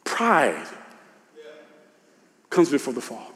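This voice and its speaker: A man preaching a sermon in loose, casual speech, dropping to a hush and rising to shouts. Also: medium pitch, wildly swooping pitch, takes it slowly. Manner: swings from hushed confession to shouted exhortation; informal Southern-tinged preacher speech, "y'all" and "ain't". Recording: long hall reverb.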